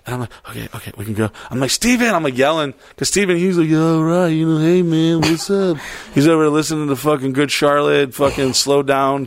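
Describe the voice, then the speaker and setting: A man's voice: on the high side, no echo. Man, casual storyteller, swears a lot, dry recording. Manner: profane, rambling, animated retelling with quoted voices.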